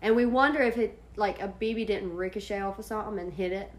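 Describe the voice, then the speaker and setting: A woman's voice: medium pitch, fast talker. A woman with a lingering cough, chatting casually and laughing easily. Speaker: podcast co-host. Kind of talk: casual chat.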